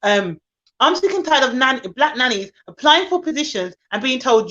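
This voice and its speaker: A woman with a Jamaican accent speaks in a high voice, heated and indignant as she makes her point in casual conversation. The audio is a little muffled and lo-fi, like a video call. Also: animated, moderate pace, fairly bright tone. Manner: impassioned, indignant. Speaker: nanny podcast host.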